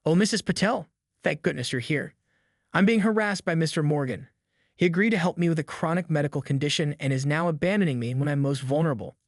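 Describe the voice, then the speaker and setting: A man's voice: a little high, fast talker, no room sound, clean studio sound. A man voicing a pushy, entitled woman neighbor who talks in a theatrical, demanding way in a storybook reading. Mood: indignant.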